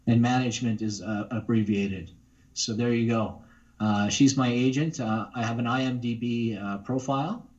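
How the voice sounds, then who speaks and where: A man's voice: medium pitch, moderate pace, a little mellow, dull audio. A man, a voice actor, talking casually in an interview, rambling with many fillers and restarts. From Canada. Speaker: guest voice actor.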